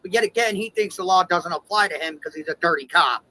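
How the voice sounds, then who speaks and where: A man's voice: sits high, fast, bright, forceful tone, rough recording. A man hosting his own livestream, talking bluntly and defiantly with plenty of swearing. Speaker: channel host in a played clip. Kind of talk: heated livestream talk.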